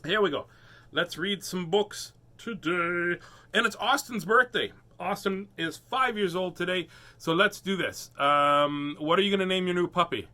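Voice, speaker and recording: Silly man, high bright voice, bouncy pitch, playful kids' book host. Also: measured pace. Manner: goofy, sing-song, laughing often. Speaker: host reading children's books. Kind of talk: playful live-stream chat.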